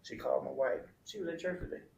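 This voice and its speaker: A man's voice: medium pitch, fast, vocal fry, darkish tone, highs cut off, slight background noise. A middle-aged man, a podcast guest, telling a heartfelt personal story in a candid, colloquial, emotional way. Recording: roomy echo.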